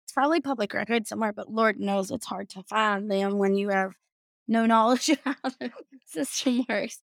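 A woman's voice: medium pitch, moderate pace, vocal fry, no room sound. A woman hosting a podcast, chatting casually and reading out a news story with sarcastic, swearing asides. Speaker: podcast host.

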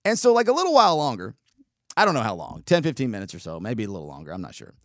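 A man hosting a show, telling a story in a sarcastic, animated way with quick asides. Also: fairly low pitch, no echo, studio quality. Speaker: podcast host. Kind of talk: casual storytelling monologue.

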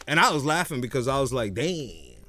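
A man co-hosting a casual chat, relaxed and profane, who laughs often while telling stories. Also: medium pitch, fast talker, dry recording. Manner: laid-back storyteller, swears freely, laughs often.

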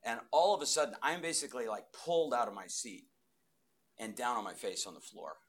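Animated man telling his testimony. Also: mid-range voice, fairly quick. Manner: animated storyteller, voice swinging from loud bursts to hushed asides. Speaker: speaker giving a testimony. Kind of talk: testimony talk to a live audience.

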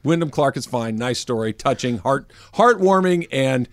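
A man's voice: mid-range voice, normal speed, dry recording. Radio cohost guy, wry and chuckly, dry studio sound. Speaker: radio show co-host. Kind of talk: casual sports radio banter. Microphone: studio microphone.

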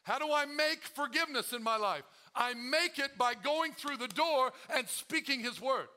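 Bright, high-voiced man preaching. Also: lively intonation, normal speed. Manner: preaching, calls out to the congregation, acts out quoted prayers. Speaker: pastor. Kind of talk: sermon. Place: church.

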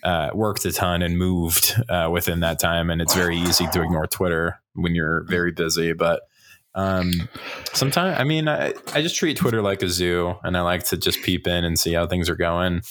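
A man's voice: low voice, moderate pace, background noise. A man on a casual podcast panel, chatting in a rambling, self-interrupting way and laughing often. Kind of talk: casual chat.

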